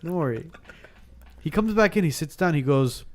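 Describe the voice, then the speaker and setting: A man's voice: on the high side, normal speed. A man in his thirties telling a ghost story in a casual podcast chat, acting out the dialogue and often restarting his sentences. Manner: animated, acts out dialogue, frequent restarts.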